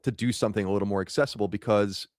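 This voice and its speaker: A man's voice: fairly low pitch, fairly even intonation, racing, a little mellow, no room sound, clean studio sound. A man co-hosting a podcast in casual chat, thinking aloud with frequent restarts. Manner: musing, hedging, restarts a lot. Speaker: podcast co-host.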